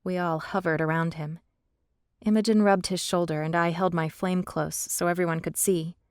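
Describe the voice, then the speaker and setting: A woman narrating a fantasy audiobook in the first person, steady and measured, on a close studio mic. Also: fairly low pitch, no echo.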